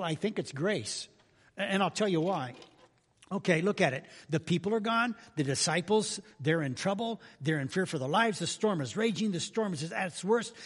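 A man's voice: sits high, slightly rough. A man pastor giving a sermon in a folksy, humorous, conversational way with sudden emphatic bursts. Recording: reverberant church hall.

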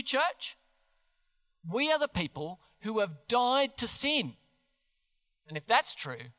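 A man preaching a sermon as pastor in a church, earnest and animated, putting questions to the congregation. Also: high-pitched. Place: church hall. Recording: long hall reverb.

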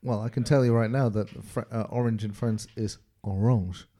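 A man's voice: mid-range voice, steady tone, a little fast, warm tone, a little hiss or hum. A man co-hosting a podcast, joking and giggling in casual chat. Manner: giggly, playful joker. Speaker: podcast co-host.

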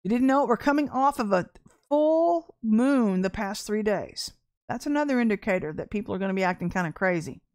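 A woman minister giving a casual prophetic sermon, emphatic and repeating her key phrases, often clearing her throat. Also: medium pitch, expressive, a little fast, darkish tone.

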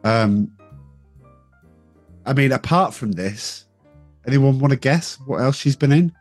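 A man's voice: mid-range voice, lively intonation, takes it slowly, no echo, faint music behind. A man co-hosting a podcast, chatting casually about films in a teasing, wry way. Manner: teasing, wry, listing facts. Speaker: podcast co-host. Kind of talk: casual film discussion.

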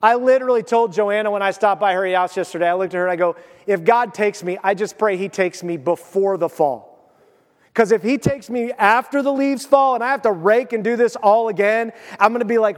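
Animated male pastor preaching in a hall. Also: sits high, fairly quick. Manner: animated storytelling, acts out quoted voices. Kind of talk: sermon. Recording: long reverb of a church hall.

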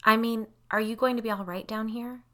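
A woman's voice: on the high side, steady tone, brisk, a bit bright, pitched above the performer's own voice, natural voice. A woman voicing an anxious mother in an audiobook, keeping her tone forcibly light and cheerful. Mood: coaxing. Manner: forced cheer.

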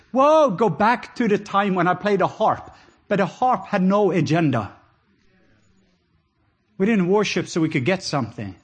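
A middle-aged man preaches with a Norwegian accent, his voice slightly husky and pitched a little above the usual for a man. He swings from animated, laughing asides to soft, intimate passages. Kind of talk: sermon.

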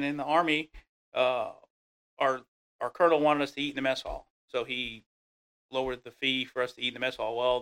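A man's voice: a little high, smooth. A middle-aged man in casual conversation, telling leadership stories and acting out the people he quotes. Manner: animated storyteller, acts out quoted voices. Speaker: guest speaking on leadership.

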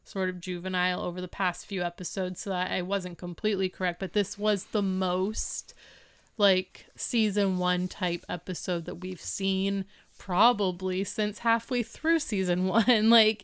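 A woman's voice: mid-range voice, steady tone, normal speed, clear, resonant tone. A woman co-hosting a podcast in casual chat, recapping a TV episode and filling her talk with "like". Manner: chatty, heavy use of "like". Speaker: podcast co-host.

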